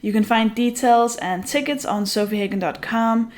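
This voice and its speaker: A woman comedian giving a casual, relaxed spoken message, pausing with fillers. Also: fairly high pitch. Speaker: podcast co-host and comedian. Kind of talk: casual announcement.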